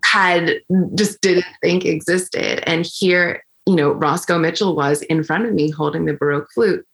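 A young woman flutist telling a story in a chatty, conversational way, full of fillers and restarts, getting animated when she quotes people. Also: on the low side, measured pace, vocal fry. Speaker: flutist and interview guest.

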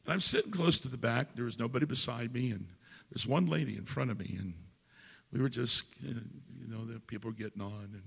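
An older man, a pastor, telling a story during a sermon in a folksy way, building into loud preaching. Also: medium pitch, brisk, vocal fry, slightly rough, in a large hall.

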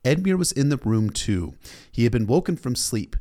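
A man's voice: mid-range voice, big pitch swings, normal speed, warm tone. A man recapping a story in a casual, irreverent way, cursing freely. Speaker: book recap narrator.

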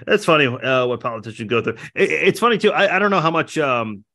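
Laid back guy on a podcast, bright voice, just telling stories. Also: a little high, expressive, fast talker. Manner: easygoing storyteller, reads out viewer comments. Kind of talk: casual podcast chat.

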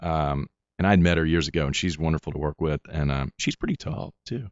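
A middle-aged male actor chatting as an interview guest, talking haltingly with many restarts and fillers. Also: extremely low pitch, no room sound, dull audio. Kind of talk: casual interview chat.

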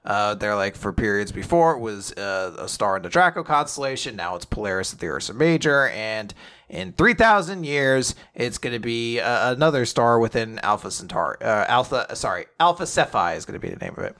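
An enthusiastic man co-hosting a podcast, rambling through a story recap and reading quotes aloud. His pitch moves a lot and he sits at a middle pitch. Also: lively intonation, brisk, fairly bright tone. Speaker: podcast co-host. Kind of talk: casual chat recapping a story.

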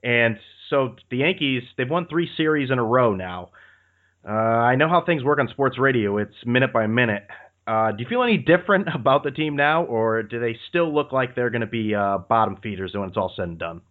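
A man hosts a casual sports interview, asking his questions in a relaxed, conversational way. His voice is squeezed through a narrow, tinny phone-line band. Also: mid-range voice, brisk. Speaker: podcast interviewer.

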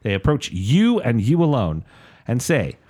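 A man in a casual podcast chat, spinning playful hypotheticals for his co-hosts. His pitch swings widely as he builds up each scenario, with a middling, ordinary register. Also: huge pitch swings, a little slow, darkish tone, breathy edge. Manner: playful, sets up scenarios dramatically. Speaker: podcast co-host posing hypotheticals.

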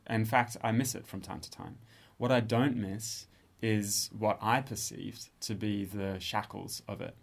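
A man in his thirties with an Australian accent talks about his music in a relaxed interview. His voice sits a little low, and he weighs his words, pausing and restarting as he thinks. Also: gravelly. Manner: thoughtful, hesitant, with frequent restarts. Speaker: composer and musician. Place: studio space.

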